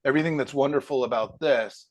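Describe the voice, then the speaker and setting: A man teaching a painting class in a casual critique, easygoing and joking, thinking aloud with plenty of pauses and fillers. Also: mid-range voice. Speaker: painting instructor.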